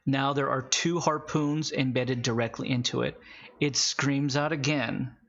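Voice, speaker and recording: A man running a tabletop game as game master, narrating with wry, halting asides. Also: medium pitch, fairly even intonation, creaky, a bit bright, dull audio.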